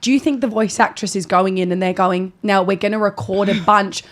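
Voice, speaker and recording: A woman's voice: mid-range voice, steady tone, a little fast. Joking woman podcast co-host. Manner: joking, swears freely. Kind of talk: casual chat.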